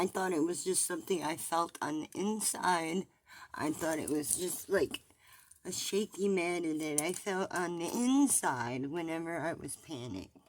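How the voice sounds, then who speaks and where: A distressed woman vlogger records a confessional video. She speaks slowly in a lowish voice and stops and restarts often. She repeats phrases and lets sentences trail off. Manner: halting, repeats herself, trails off. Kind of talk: confessional vlog.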